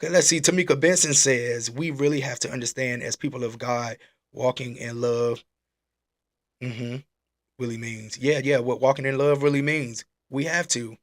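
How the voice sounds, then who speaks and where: A man hosting a casual church-style live talk. He is animated and exclaiming, and he repeats his questions. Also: medium pitch, normal speed. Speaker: host. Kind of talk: casual preaching live stream.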